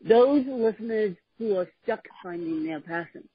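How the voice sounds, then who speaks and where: A podcast host asking questions slowly and deliberately. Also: medium pitch, animated, husky, no echo. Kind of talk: interview questions. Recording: dull lo-fi call audio, dry.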